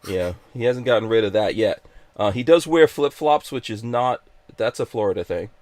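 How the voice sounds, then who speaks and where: A man's voice: lowish voice, moderate pace, a little mellow, dry recording. A man hosting a live podcast stream, chatting casually in an upbeat, joking, rambling way. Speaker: podcast host.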